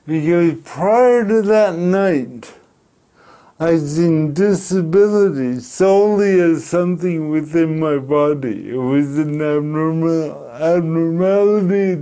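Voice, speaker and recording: A middle-aged man from Canada, telling a personal story in an interview, speaking slowly and deliberately with pauses. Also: fairly high pitch, mellow. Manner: slow, deliberate speech with pauses and restarts. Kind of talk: reflective storytelling.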